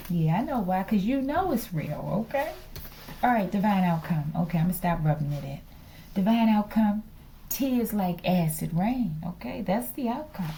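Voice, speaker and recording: A woman reads tarot cards in a loose, chatty manner, teasing and checking in with a repeated "okay?". Her voice has a gravelly, fry-laden edge and a dark, mellow tone. Now and then she slips into a whisper. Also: medium pitch, animated, normal speed, slight background noise, low-quality recording. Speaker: tarot reader. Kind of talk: casual spiritual tarot reading.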